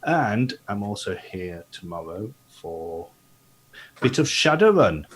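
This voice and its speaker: A man's voice: lowish voice, big pitch swings, slow pace, a little hiss or hum. A man who plays in an online tabletop game and moderates chat, introducing himself casually with a joke.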